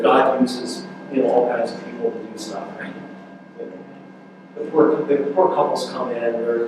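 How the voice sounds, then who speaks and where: A man leads a relationship workshop in a loose, conversational way, restarting phrases and checking in with "right?". His mid-range voice sounds distant from the mic. It rings through a big echoey hall under faint background noise. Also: mid-range voice. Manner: conversational, repeats words, asks "right?" often. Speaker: workshop speaker, counselor. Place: large room at a church youth ministry event.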